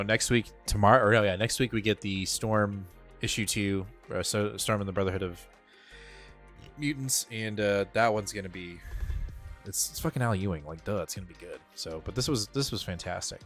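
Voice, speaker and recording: A man co-hosting a casual comic book review show, talking excitedly with lots of fillers and casual swearing. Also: on the low side, normal speed, faint music behind. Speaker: podcast co-host.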